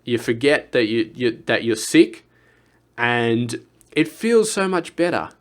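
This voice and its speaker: A young man speaks in a loose, earnest vlog manner. He circles his points with restarts and drops into low asides. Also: big pitch swings, slow. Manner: rambling, earnest, with frequent restarts and quiet asides. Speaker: vlogger. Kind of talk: casual personal vlog talk.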